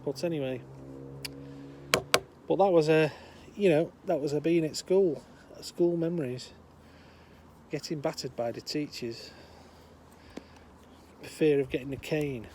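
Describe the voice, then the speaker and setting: Older guy rambling thru a joke outside, bit high voice, faint traffic noise. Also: unhurried, pauses often. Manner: meandering, chatty, many fillers. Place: outdoors, windy.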